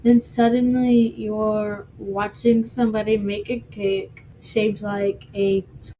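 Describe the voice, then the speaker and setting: Mellow-voiced woman hosting a heartfelt podcast. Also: mid-range voice, level tone, slow, slight background noise, rough recording. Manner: heartfelt, self-described dramatic. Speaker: podcast host. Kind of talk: solo podcast monologue.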